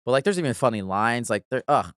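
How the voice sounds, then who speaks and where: A man's voice: medium pitch, expressive, fast, clear, resonant tone, no room sound, studio quality. A man hosting a podcast in casual chat, enthusiastic and laughing often, with frequent swearing. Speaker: podcast host.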